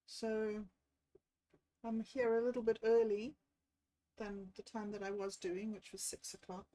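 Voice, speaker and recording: A woman, talking on a livestream about a bad day. She thinks aloud in a candid, self-deprecating way and sounds low and unwell. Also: flat delivery, unhurried, mellow, rough recording. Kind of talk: rambling personal livestream.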